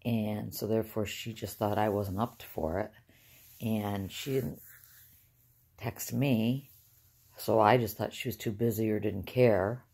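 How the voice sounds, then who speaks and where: An older woman talking casually to her viewers from inside a car, soft-spoken and halting, trailing off with sighs. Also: a bass voice, fairly even intonation, breathy edge. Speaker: vlogger. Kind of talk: rambling casual talk to camera.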